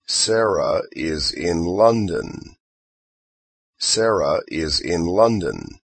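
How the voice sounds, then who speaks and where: A man reading short phrases aloud in a slow drill, saying each one twice with care. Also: sits low, expressive, slightly rough, no echo. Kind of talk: slow repeat-after-me drill.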